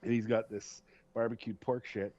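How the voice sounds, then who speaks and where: A man's voice: medium pitch, normal speed, no room sound. Profane man telling stories. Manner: profane, animated storyteller who laughs at himself. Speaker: podcast host. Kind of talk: casual storytelling chat. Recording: dull lo-fi sound.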